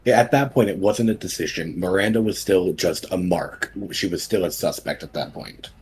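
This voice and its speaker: Very deep-voiced man, sheepish. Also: normal speed, a little hiss or hum. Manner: sheepish and defensive, stammers and repeats himself. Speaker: podcast guest. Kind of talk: casual podcast chat.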